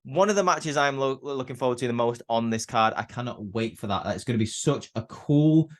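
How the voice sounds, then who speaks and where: A man's voice: medium pitch, animated, brisk. Chatty man with many fillers. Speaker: wrestling show reviewer. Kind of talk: casual recap talk.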